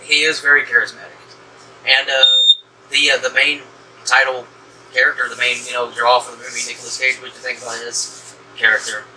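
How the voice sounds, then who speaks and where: A man from the American South talks through a movie in a casual, rambling way, full of "um" and restarts. His tone is very bright and he sits a little back from the mic. A faint hum of the room sits under his voice. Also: medium pitch, flat delivery, fairly quick, recorded from a distance, poor audio. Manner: rambling, many fillers and restarts. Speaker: horror movie reviewer, host. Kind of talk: casual movie review chat.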